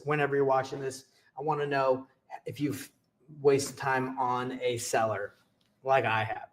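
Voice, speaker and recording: A young man teaching real estate deals in a casual, energetic way, often checking in with "okay?" and acting out short sample phone dialogues. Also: medium pitch, unhurried, slight background noise.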